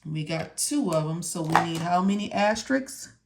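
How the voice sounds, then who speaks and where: A woman's voice: fairly low pitch, animated, moderate pace, creaky, slight background noise. A woman teaching medical coding step by step, repeating key words and asking and answering her own questions. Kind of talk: step-by-step tutorial walkthrough.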